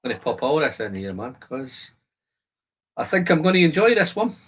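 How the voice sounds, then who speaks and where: This whisky channel host has a high-leaning, slightly bright and slightly rough voice with big pitch swings at normal speed. During a casual live stream, he chats with viewers, handles their comments, and describes aromas as he tastes.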